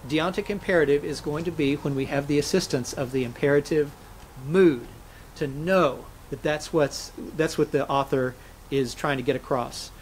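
Methodical man explaining grammar, slightly high. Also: normal speed, slight background noise, poor audio. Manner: methodical, explaining with spoken examples. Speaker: interview guest, Hebrew scholar. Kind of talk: explanatory interview talk.

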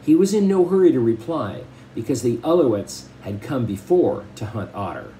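A man reads a novel aloud chapter by chapter and breaks off to explain it in casual asides. His voice is mellow and relaxed, and a faint hiss sits under the recording. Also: medium pitch, normal speed, rough recording.

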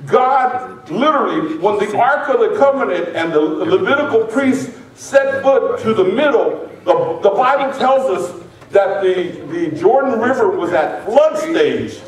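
A man preaching as pastor to his congregation, lively and joking with the people in the pews. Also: high voice, a little slow. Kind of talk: sermon. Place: large church sanctuary. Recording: echoey church from a distance.

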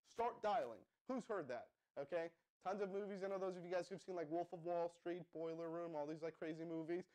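A young man hosting a hyped live-stream marketing pitch, calling out to viewers and asking the chat to respond. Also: a little mellow. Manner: pumped-up, addresses viewers as guys, asks the chat to respond. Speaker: livestream host.

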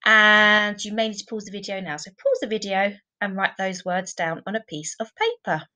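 A woman's voice: medium pitch, fairly even intonation, moderate pace, sharp tone, low-quality recording. Patient woman teaching children. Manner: clear, patient, encouraging teacher talk with tag questions. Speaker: primary school teacher. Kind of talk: recorded online lesson.

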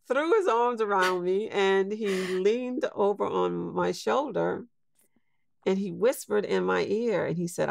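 An older woman in her sixties tells her story slowly and thoughtfully. Her voice is strongly gravelly, and the recording is dry and close. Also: mid-range voice, dry recording. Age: 60s. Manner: slow, reflective storytelling. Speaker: guest. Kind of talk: storytelling interview.

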